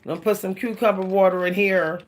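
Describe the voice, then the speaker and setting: A woman's voice: medium pitch, steady tone, fast. A woman vlogging about hair care in a casual, chatty way, laughing often and calling her viewers "y'all.". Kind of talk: casual chat to camera.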